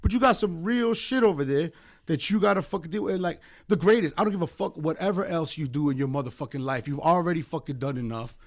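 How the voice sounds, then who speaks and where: A guest attorney from the United States chats on a podcast in a quick-paced voice on the high side. His delivery is impassioned and rambling, heavy with profanity and filler words.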